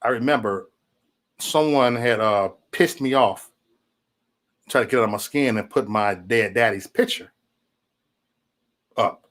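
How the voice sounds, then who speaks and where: A man's voice: fairly low pitch, a little slow, pauses often, a bit bright. A man hosting a casual livestream chat, rambling loosely, swearing, often saying "man" and chuckling between remarks. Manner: loose rambling talk, profanity, frequent "man". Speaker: livestream host.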